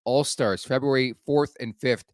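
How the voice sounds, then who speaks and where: A man's voice: medium pitch, measured pace, clear, resonant tone, dry recording, clean studio sound. A man co-hosting a casual sports talk show, chatty and laughing along, reading promos between topics. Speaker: podcast co-host.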